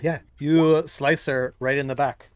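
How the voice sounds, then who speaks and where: A man narrating as game master in an online tabletop game, talking in a halting way with many fillers and restarts. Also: on the high side, fairly even intonation, a little hiss or hum.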